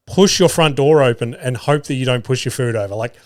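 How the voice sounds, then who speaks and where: A man's voice: medium pitch, fairly quick. A young adult man, hosting a podcast in casual chat, rambling through stories and swearing freely. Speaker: podcast host.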